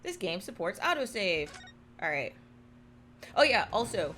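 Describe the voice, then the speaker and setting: A woman streaming a game to her live chat, gushing and excitable, rambling with many fillers and swearing when she gets hyped. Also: medium pitch, unhurried, long pauses, very noisy. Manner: rambling, with many likes and ums. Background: jazzy game music.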